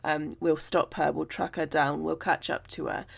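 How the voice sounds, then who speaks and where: A woman's voice: sits low, level tone, normal speed, creaky, heavily acted. A woman voicing a young prince who is offhand with his men and sure of himself. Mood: determined. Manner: offhand, commanding. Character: Pwyll, a bold young prince.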